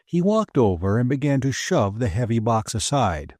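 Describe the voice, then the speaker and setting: A man narrates an adventure audiobook in a lively, expressive voice with a middle pitch. The read is dry and close to the mic. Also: normal speed, no room sound. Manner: expressive storytelling delivery.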